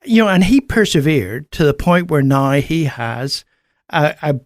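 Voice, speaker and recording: A man's voice: on the high side, lively intonation, measured pace, no echo, studio quality. A man with an Irish accent, a guest on a radio show, talking earnestly and rambling a little, restarting his sentences. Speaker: guest, men's radio program presenter. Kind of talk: casual radio interview. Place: radio studio.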